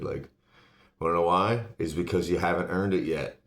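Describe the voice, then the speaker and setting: A man's voice: sits low, normal speed. A man talking bluntly in a casual monologue, swearing constantly as he rants. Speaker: host. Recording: echoey room.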